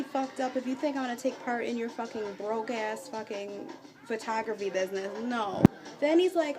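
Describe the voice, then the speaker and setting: A woman's voice: on the high side, normal speed, over loud music. Young woman vlogger, brash storyteller, profane and exasperated, recorded on a phone. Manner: profane, exasperated, acts out both sides of a chat. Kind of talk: casual storytime vlog. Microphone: phone or webcam.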